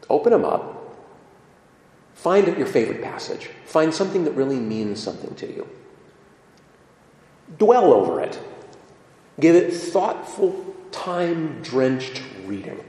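A man delivering a sermon with an expressive voice that swings widely in pitch. He keeps turning to his listeners with questions. The sound is roomy, with a long echo from a large hall or church. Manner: animated, asks the listeners questions. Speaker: preacher. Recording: echoey hall reverb.

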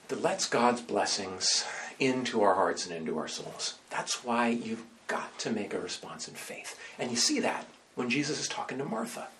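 A man, a priest, preaching a conversational sermon full of rhetorical questions, swinging between loud and soft. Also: medium pitch, a little hiss or hum.

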